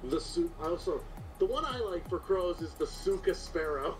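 A man joking quickly in casual banter with friends. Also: sits high, expressive, far from the mic, faint music behind. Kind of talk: casual chat.

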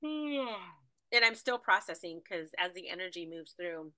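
Chatty woman healer, bright voice, rambly with lots of ums, dry sound. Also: fairly low pitch, normal speed, no room sound, poor audio. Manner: chatty, rambling, animated with fillers. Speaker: energy healer. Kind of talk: casual spiritual healing talk.

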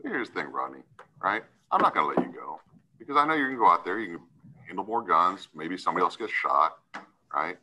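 A man's voice: sits low, very animated, quick pace, highs cut off, noisy background. A man serving as a judge, sternly lecturing a defendant in a courtroom hearing and often tagging his points with "right?".

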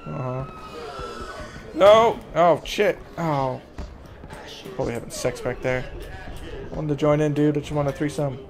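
A man streaming a horror game, shouting profane jokes at the characters and reacting with loud excitement. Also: fairly high pitch, fast talker, creaky. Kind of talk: live gameplay commentary. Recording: game music underneath. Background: horror game music and sounds.

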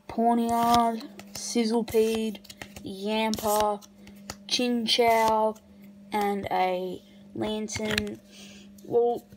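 A woman opening trading card packs on camera in casual commentary, breaking into excited shrieks over good pulls. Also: fairly high pitch, background noise.

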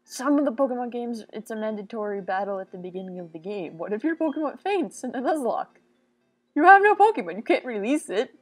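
A woman's voice: on the high side, very animated, brisk, slightly rough, soft background music. A young woman hosting a let's play, rambling and joking to herself with sudden silly outbursts. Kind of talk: casual game commentary.

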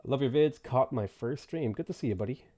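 A man hosts a live game stream, calling out viewers by name and tossing off short replies to their questions. His pitch sits in a middle register but swings around lively from phrase to phrase. The talk is loose and unscripted. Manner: greets chat viewers by name between game setup remarks; quick offhand answers to viewer questions. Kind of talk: casual live-stream chat.

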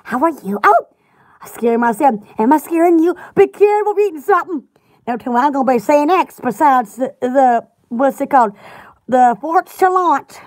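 Pitched high with lively intonation and a darkish tone, this woman talks at normal speed. She's an online shop host chatting casually through a live bath-products sale, giggly and rambling between product lists.

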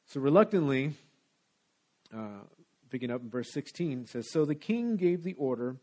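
Speaking in a conversational, casual way, a pastor preaches a sermon in a church sanctuary. He has a mid-range voice with a darkish tone.

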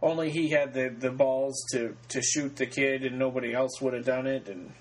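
A man co-hosting a podcast, retelling a story in relaxed casual talk with fillers. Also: medium pitch, moderate pace, poor audio. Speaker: podcast co-host. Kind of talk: casual book discussion.

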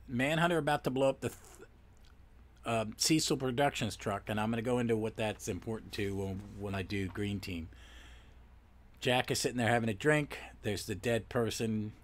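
A man hosting a podcast, recapping a comic book on his own in a rambling way, full of self-corrections and fillers. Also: medium pitch. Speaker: podcast host.

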